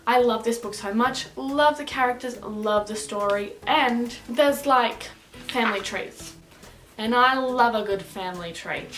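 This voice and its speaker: A woman's voice: on the high side, fairly bright tone. A young woman with an Australian accent, chatting casually and upbeat through a book review vlog, rambling with fillers. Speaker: book vlogger.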